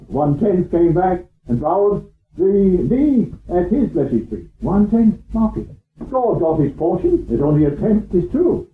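A man preaching a sermon in an earnest way, often repeating phrases and asking rhetorical questions. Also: fairly high pitch. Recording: tinny phone-like sound in an echoey hall.

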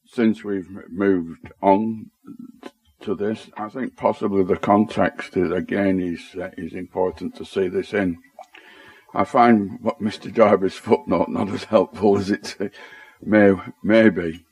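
A man's voice: deep voice, steady tone, unhurried, a little mellow. A man with a Lancashire accent in a Bible study discussion, explaining word meanings in a tentative, self-deprecating way with frequent restarts. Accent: Lancashire English.

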